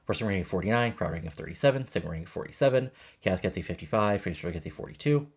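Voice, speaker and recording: A man casually narrating a wrestling management game and reading the wrestlers' promos aloud in a flat murmur. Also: low-pitched, very fast, breathy edge. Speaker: game commentator.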